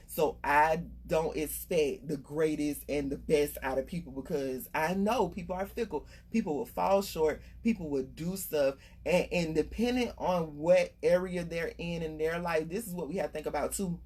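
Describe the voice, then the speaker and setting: A middle-aged life coach with a deep, darkish voice and a breathy edge gives a casual motivational talk about staying unbothered. She comes across as earnest, conversational and emphatic.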